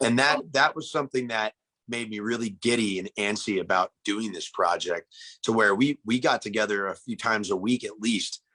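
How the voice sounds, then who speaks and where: In a casual interview, an actor talks about making a film, earnest and reflective, often restarting his sentences. His voice is on the low side, pushed and bright, at normal speed.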